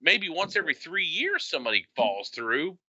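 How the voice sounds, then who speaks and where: A man's voice: on the high side, big pitch swings, normal speed, sharp tone, husky, no echo, lo-fi sound. A man co-hosting a podcast, chatting casually and telling wry, joking stories. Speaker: podcast co-host. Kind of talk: casual chat.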